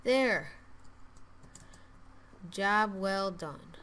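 A woman casually commenting as she builds in a video game, mostly muttering to herself, repeating words, and growing loud and cheery when she signs off. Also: mid-range voice, expressive, drawn-out words, clean tone. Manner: mutters quietly while building, then loud and upbeat when signing off; repeats words and restarts phrases. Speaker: gaming channel host.

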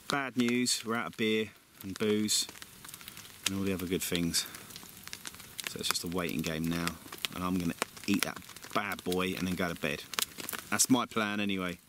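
A man chatting to camera at a rainy woodland camp at night, upbeat and self-mocking as he cooks over a fire. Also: mid-range voice. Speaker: vlogger. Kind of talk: casual chat to camera. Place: woodland campsite outdoors in rain at night. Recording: loud rain and crackling outdoors.

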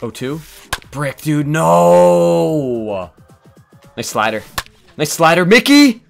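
Excitable man yelling over a baseball game. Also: on the high side, measured pace, faint music behind. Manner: swings from muttering to yelling, swears a lot. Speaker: gaming YouTuber. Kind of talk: excited live gameplay commentary.

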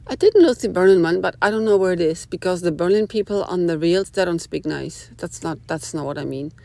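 A woman's voice: fairly low pitch, expressive, brisk, creaky, a little mellow, no room sound. Rambling opinionated woman, dry close sound. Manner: rambling, opinionated, with frequent asides. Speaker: vlogger. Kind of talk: casual monologue to camera. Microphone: small phone camera.

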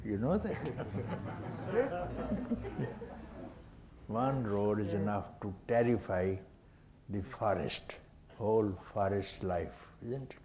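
An older man giving a spiritual discourse to a gathering, unhurried and teasing, often chuckling and prompting his listeners with a questioning "hmm?". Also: lowish voice, lively intonation, warm tone, poor audio. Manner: chuckles often while talking. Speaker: spiritual teacher.

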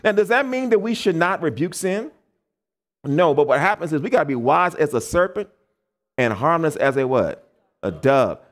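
American male preacher, animated, voice pitched a bit high, talks back and forth with the congregation. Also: moderate pace. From United States. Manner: animated, call-and-response questions to the congregation; acts out quoted people in changed voices. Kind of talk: camp meeting sermon.

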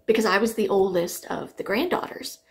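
A woman's voice: mid-range voice, fairly quick, creaky, a little mellow. A young adult woman with a dry, sarcastic manner, telling rambling stories to camera with lots of fillers while sniffly from allergies. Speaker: singer reacting to songs. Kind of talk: casual storytelling to camera.

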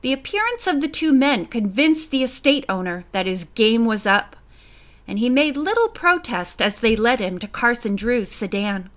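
A woman narrating a mystery audiobook with a lively, expressive reading. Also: fairly high pitch, moderate pace.

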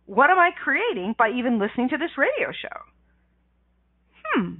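A woman's voice: high voice, wildly swooping pitch, normal speed, no room sound. A woman hosting a call-in radio show as a life coach, talking with lots of energy, laughing often and using slangy, emphatic phrasing. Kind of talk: animated call-in radio talk. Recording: tinny phone line.

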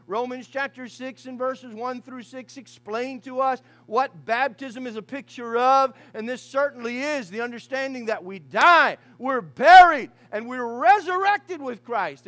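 A man preaching a fiery funeral sermon as pastor in a church, swinging from hushed asides to shouted lines. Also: extremely high pitch.

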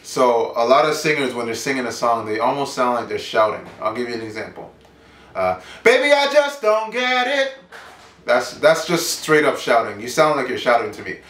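A man's voice: mid-range voice, a little fast, few pauses, fairly bright tone. A man teaching singing in a casual, upbeat online lesson, chatting and singing short demo lines. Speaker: vocal coach. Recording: roomy sound, mic at a distance.

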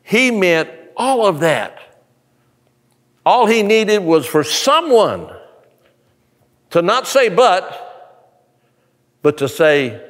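Male pastor, unhurried and lively in pitch, animated sermon storytelling, church hall with long reverb. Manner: animated storytelling, acts out characters. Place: church sanctuary.

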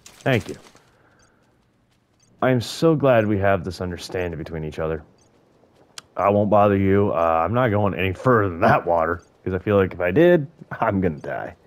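A man's voice: low voice, animated, normal speed, pauses often. A young man giving casual, profane gameplay commentary, joking and talking to the creatures on screen. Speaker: gaming YouTuber.

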